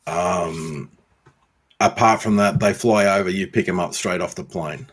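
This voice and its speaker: A man's voice: deep voice, breathy edge. A man with an Australian accent chatting casually to his viewers, answering comments with lots of ums and some friendly teasing. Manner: unhurried, frequent ums, teasing viewers by name. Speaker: YouTube homesteader and blacksmith answering viewer comments. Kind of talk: casual livestream chat.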